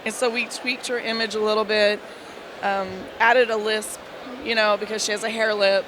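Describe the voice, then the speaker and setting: A woman comic book editor, hoarse from losing her voice, chatting in an interview and laughing as she tells stories. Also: mid-range voice, moderate pace. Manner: laughing, animated storytelling. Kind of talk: casual interview. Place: busy convention floor. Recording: noisy convention floor. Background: crowd and hall ambience.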